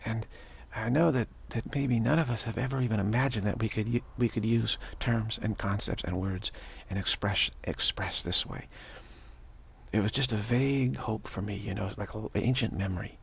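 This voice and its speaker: A man giving a spiritual talk as a teacher, musing and repeating himself, with many restarts and drops into soft whispers. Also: on the low side, moderate pace, gravelly, slightly rough.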